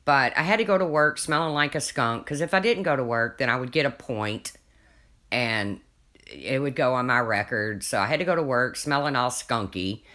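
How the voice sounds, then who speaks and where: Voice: medium pitch, moderate pace, pushed and bright. A livestreamer in casual chat, telling a rambling story and answering viewers' comments, often restarting sentences and laughing along.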